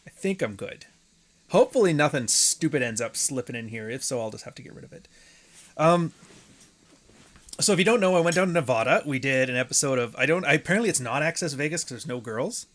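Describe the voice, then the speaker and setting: Male podcast host, mid-pitched voice, rambling, profane, joking solo chat. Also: lively intonation, brisk, fairly bright tone. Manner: rambling, profane, jokey asides.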